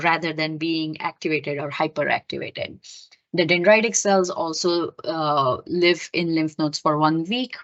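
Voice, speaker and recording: A woman's voice: low voice, muffled recording. A woman giving a recorded lecture, explaining step by step with many fillers and self-corrections.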